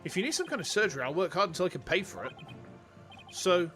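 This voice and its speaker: A man's voice: high-pitched, big pitch swings, fast, a bit bright, faint music behind. A man playing an anxious young lawyer. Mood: distressed. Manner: raised, upset, pleading. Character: earnest young male lawyer, anxious, pleading.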